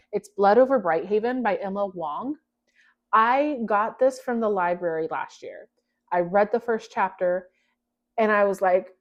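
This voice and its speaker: A young woman talks casually to her camera, chatty and quick to poke fun at herself. Her voice sits at an ordinary middle pitch. The recording sounds a little dull and lo-fi. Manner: chatty, self-deprecating, restarts and laughs. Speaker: book vlogger.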